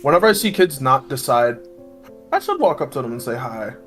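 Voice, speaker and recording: Relaxed, reflective man chatting. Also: mid-range voice, a little fast, faint music behind. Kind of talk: casual chat.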